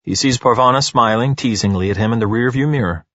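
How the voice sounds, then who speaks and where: A man narrating an audiobook in an expressive, animated storytelling manner. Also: medium pitch, quick pace, dry recording, highs cut off.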